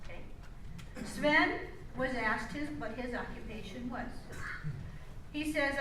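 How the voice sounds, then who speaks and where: An older woman tells folksy jokes from a stage, chatty and slow with a high, bright voice. She stops herself and restarts as she goes. The sound is from a distant mic in a very echoey hall with faint room noise. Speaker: amateur performer. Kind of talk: folksy joke-telling on stage.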